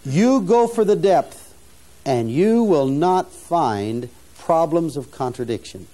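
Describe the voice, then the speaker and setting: A mission founder addresses his students in a sermon-style teaching talk, taking it slowly. The older man's voice is a little high and mellow, with lively intonation, and his earnest, preacherly delivery often restarts phrases and rises to underline important points.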